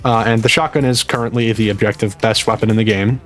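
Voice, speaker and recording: Quiet young man with a retainer. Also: on the low side, steady tone, fast, faint music behind. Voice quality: slightly muffled speech from a dental retainer. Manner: quiet, rambling, self-mocking. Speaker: gaming YouTuber. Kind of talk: live gameplay commentary.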